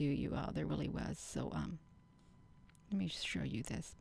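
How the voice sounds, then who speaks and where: A middle-aged woman hosting her own channel, talking slowly and earnestly to her viewers in a rambling casual monologue. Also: low voice, wildly swooping pitch, creaky, a little mellow, breathy edge. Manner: slow, earnest, addresses viewers as "you all". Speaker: channel host.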